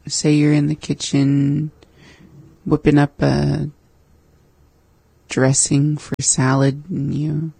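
A language learner in a casual lesson chat, relaxed and echoing the teacher's words back. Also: medium pitch, slow pace, gravelly, pauses often, breathy edge.

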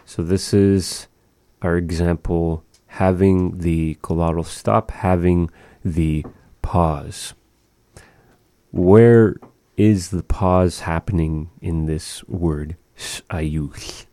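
Male teacher for a language lesson: very low, mellow voice, unhurried, patient repetition. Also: fairly even intonation, no room sound. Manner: slow, patient, repeating words for practice.

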